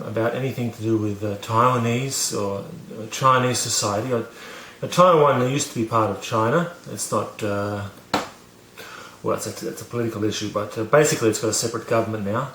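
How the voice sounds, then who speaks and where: A man's voice: medium pitch, fairly bright tone, echoey room, a little hiss or hum. A man casually telling a story to camera, rambling with many fillers and restarts, poking fun at himself. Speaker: vlogger teaching about learning.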